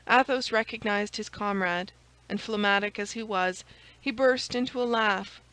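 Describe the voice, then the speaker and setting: A woman reading a classic novel aloud as an audiobook narrator, in a steady, measured manner. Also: medium pitch, clean tone, rough recording. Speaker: audiobook reader. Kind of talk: scripted narration.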